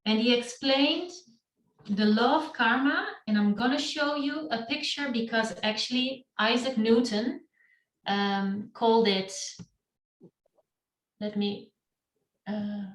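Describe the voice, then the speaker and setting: Slow middle-aged woman telling her story. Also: a little high. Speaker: meetup speaker. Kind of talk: personal storytelling talk. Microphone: video call. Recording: roomy and distant from the mic.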